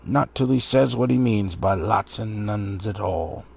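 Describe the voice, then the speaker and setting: A surly troll from a storybook reading, gruff and quick to pick a fight, as a man puts him on. The voice is gravelly and husky, coarse and threatening. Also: on the low side, darkish tone, exaggerated voice. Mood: suspicious.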